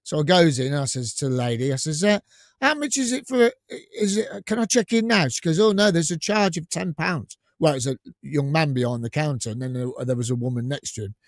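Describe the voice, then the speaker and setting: A man tells a story with a lot of swing in his pitch. He acts out the dialogue and laughs often. His voice is dry and close to the mic. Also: expressive, brisk, no echo. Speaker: podcast co-host. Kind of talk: casual anecdote telling.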